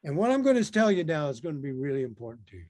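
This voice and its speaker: A man telling a personal story in a casual interview, animated and laughing often as he talks. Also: fairly high pitch, rapid-fire. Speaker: interview guest.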